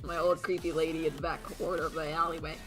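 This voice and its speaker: A woman's voice: deep voice, level tone, quick pace, over music. A young woman chatting casually on a livestream, giggly and rambling with lots of fillers. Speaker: streamer and artist.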